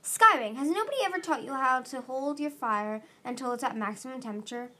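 A woman voicing a stern, harsh male dragon who trains young dragons in battle, with a gruff, commanding delivery. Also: high voice, lively intonation, fairly quick, sharp tone, a little hiss or hum.

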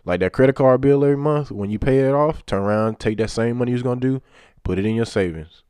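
A man's voice: medium pitch, fast, darkish tone, clean tone, no echo, clean studio sound. A man in a casual chat; agreeable, chimes in often and gives practical examples.

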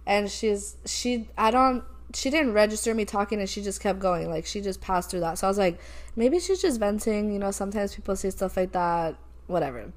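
She speaks at medium pitch and a moderate pace, a young woman co-hosting a podcast. Chatting casually, she retells a story about a work call with quoted voices, lively energy, and frequent laughter.

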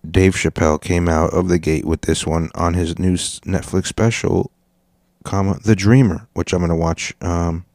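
A man hosting a podcast, reacting to clips in a relaxed, rambling way. His voice sits very low. The sound is dry, with no room on it. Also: moderate pace, no room sound. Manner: laid-back, profane, rambling. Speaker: podcast host. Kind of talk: casual reaction commentary.

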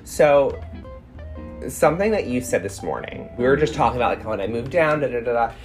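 A woman hosting a casual podcast chat with a friend, laughing easily and animated. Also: rumbling low, a little fast, faint music behind. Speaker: podcast host.

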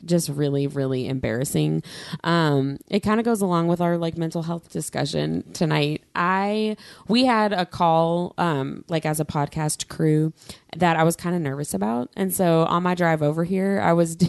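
Rambling, giggly woman with a gravelly edge. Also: on the low side, a little mellow, dry recording, clean studio sound. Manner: rambling, self-deprecating, laughs often. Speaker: podcast co-host. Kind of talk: casual chat.

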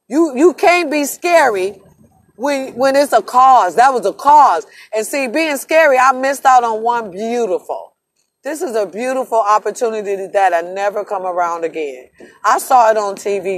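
Woman vlogger, slightly high voice, emphatic and emotional, casual profane monologue to camera. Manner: emotional, emphatic, profane, addresses viewers as y'all. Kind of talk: casual vlog monologue to viewers.

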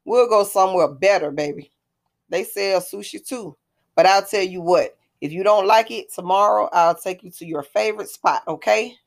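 A woman's voice: mid-range voice, normal speed, gravelly, close to an everyday voice. Woman voicing a taunting, menacing ex-husband. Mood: coaxing. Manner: taunting, threatening. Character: menacing smirking ex-husband, grown man.

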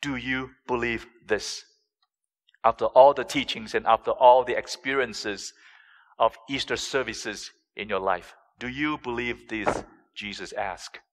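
A man preaching a sermon, slow and deliberate, with dramatic rises in pitch and volume on key phrases. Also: fairly bright tone, in a large hall. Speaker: pastor.

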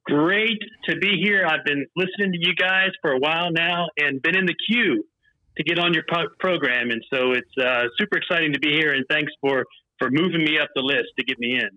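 An eager male guest speaking with a very bright, taut edge in a slightly raised voice. He explains things upbeat and plainly. The audio comes through dull and a bit muffled, but dry. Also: fairly high pitch, a little fast, dry recording. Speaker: company founder, interview guest. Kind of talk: casual interview answers.

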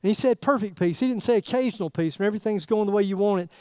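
A man preaching a sermon in a folksy, animated way, throwing rhetorical questions at the congregation. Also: high voice, rapid-fire, clean tone, no room sound, clean studio sound. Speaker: pastor.

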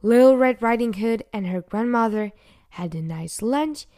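A woman narrating a fairy tale in a gentle, unhurried storybook manner, sometimes dropping to a whisper. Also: a little high, expressive.

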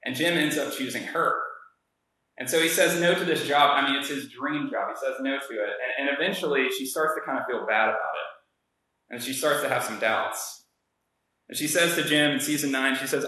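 Bright-voiced young man preaching casually. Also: mid-range voice, moderate pace. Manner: casual, conversational storytelling with many fillers. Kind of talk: sermon. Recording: very echoey room.

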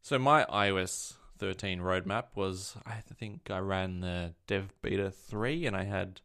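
A man's voice: deep voice, measured pace, vocal fry, a bit bright, clear, resonant tone. A man co-hosting a casual tech podcast, telling stories in a rambling way and correcting himself as he goes. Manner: rambling, self-correcting storyteller. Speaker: podcast co-host.

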